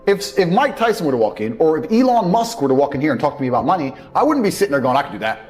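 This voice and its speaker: A man's voice: a little high, sing-song, racing, darkish tone. A man gives a blunt, profane motivational speech and mocks people's excuses. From England. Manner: mocks others by acting out their excuses. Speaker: motivational speaker. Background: faint background music.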